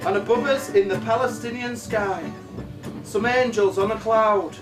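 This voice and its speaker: Sweary comic storyteller. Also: male voice, high voice, fairly even intonation, measured pace. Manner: swearing, laughing, broad storytelling. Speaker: comic singer-songwriter. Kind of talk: rambling comic song storytelling. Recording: live room echo, heard from a distance, over loud music.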